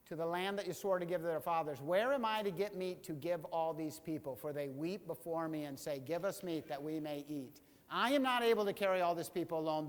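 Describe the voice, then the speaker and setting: High-voiced pastor preaching in a reverberant hall. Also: male voice. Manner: animated, acting out voices in quotes. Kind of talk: sermon. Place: church sanctuary.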